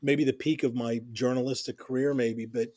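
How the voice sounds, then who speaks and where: A man's voice: mid-range voice, steady tone, normal speed, mellow, no room sound. A middle-aged man telling stories in a casual interview, rambling with many restarts and constant "you know"s. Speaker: interview guest, music journalist.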